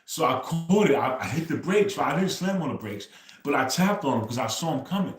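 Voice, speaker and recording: Male livestream host, easygoing chatter, ends phrases with "bro", mid-pitched, echoey room. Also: lively intonation, fairly quick. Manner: loose storytelling, says "bro" after nearly every phrase. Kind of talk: casual livestream chat.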